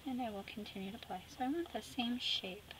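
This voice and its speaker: A middle-aged woman talks a little fast, her voice on the high side, as she hosts an art tutorial with background noise present. Her narration of the painting is chatty and teasing, punctuated by quiet whispered asides.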